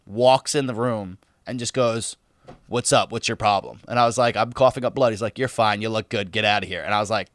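A man telling a story in casual chat, animated, swearing and laughing often, acting out what others said. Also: lowish voice, brisk, dry recording, studio quality. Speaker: podcast co-host telling a story.

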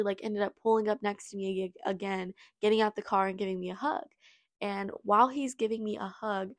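Young woman with vocal fry, confessional. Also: mid-range voice. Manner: confessional, reenacts dialogue while recounting. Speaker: podcast host. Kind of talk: personal storytelling.

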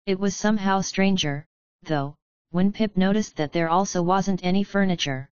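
A woman narrating a book chapter in a calm, measured storytelling manner. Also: medium pitch, dry recording, dull audio. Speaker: audiobook narrator. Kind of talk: scripted narration.

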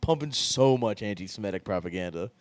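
A man's voice: lowish voice, lively intonation, fairly quick, no room sound. A man co-hosting a podcast in casual chat, bantering crudely and laughing easily. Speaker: podcast co-host.

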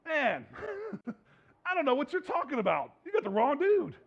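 A man's voice: very high-pitched, wildly swooping pitch, normal speed, creaky, pitched above the performer's own voice, heavily acted. A man voicing Peter as a flustered man casually denying that he knows his friend. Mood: defensive. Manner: casual, defensive slang. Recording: dull lo-fi recording.

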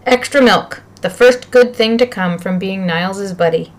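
Woman voicing a lunch lady, confiding, hushed, friendly. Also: medium pitch, normal speed, close to an everyday voice. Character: conspiratorial female school lunch lady.

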